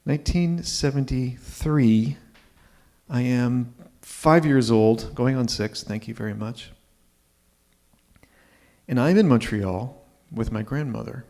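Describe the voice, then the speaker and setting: A man's voice: mid-range voice, slow, pauses often, mellow. A man in his fifties telling a personal story live on stage, conversational and checking in with the audience. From Ontario, Canada.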